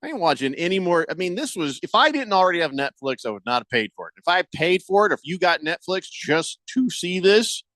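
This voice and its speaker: A man with a high, lively voice hosts sports talk radio, and his pitch swings widely as he rants. He reads out listener texts and breaks into exasperated mock quotes. The sound is dry and close, with no room echo. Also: brisk, hardly any pauses.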